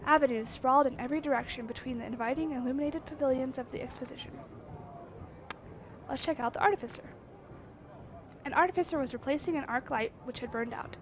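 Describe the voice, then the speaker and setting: A woman streamer reading a text adventure game aloud, with expressive narration and musing asides. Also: high-pitched, rapid-fire, few pauses. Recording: slightly dull lo-fi with faint noise.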